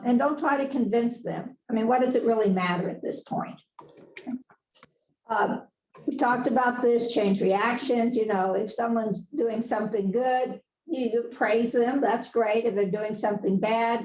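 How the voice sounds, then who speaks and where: A woman's voice: on the high side, a little mellow, roomy sound, poor audio. A woman presenting a conversational webinar lecture as a nurse educator, in a chatty, folksy way, laughing at her own asides.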